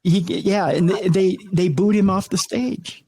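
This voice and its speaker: This middle-aged radio host has a high, creaky, husky voice and an unhurried delivery. Telling stories in a casual interview, he's animated, restarts a lot, and acts out the people he quotes. The recording is dry and low in quality.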